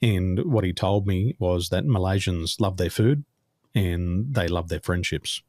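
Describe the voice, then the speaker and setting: A low-voiced Australian man with a husky edge to his speech. He talks in a slow, deliberate, measured way, like a coach who has trained his delivery, and his voice comes across close and dry. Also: a little mellow, no echo. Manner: measured, deliberate delivery, speaks slowly on purpose. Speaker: business coach, guest. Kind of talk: podcast interview answers.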